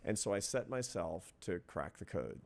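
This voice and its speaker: A man in middle age with a notably low-pitched voice shares a personal story as a guest in an interview. He talks in an earnest, thoughtful way, laying out his ideas one step at a time. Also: lively intonation, normal speed, creaky, slight background noise. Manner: earnest, reflective, builds points step by step. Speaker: interview guest, social scientist.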